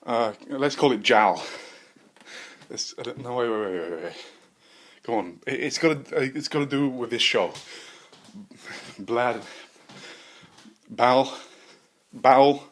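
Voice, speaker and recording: A man's voice: mid-range voice, takes it slowly, pauses often. Rambling man improvising a comic story. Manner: rambling, profane, many fillers and restarts. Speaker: podcast host.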